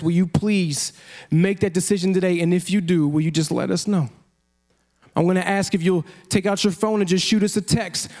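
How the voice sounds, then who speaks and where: High-voiced animated pastor preaching. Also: male voice. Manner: animated, acts out quotes, laughs often. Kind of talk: sermon.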